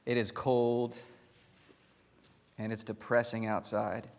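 A man's voice: on the low side, flat delivery, takes it slowly, vocal fry. A male pastor preaching a conversational sermon in a church, telling a story with restarts and chuckles. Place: church sanctuary with pews. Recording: long hall reverb in a church.

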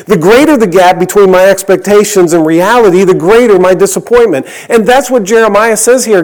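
A man preaching a sermon, reading scripture aloud in an earnest tone and dropping to a hush on key lines. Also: high-pitched. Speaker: pastor.

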